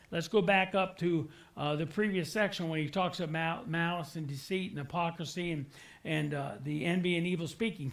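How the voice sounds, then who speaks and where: Guy preaching in church, pretty high voice, earnest, keeps repeating words to hammer them home, chatty asides. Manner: conversational asides and fillers. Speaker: pastor. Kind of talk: sermon. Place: church sanctuary.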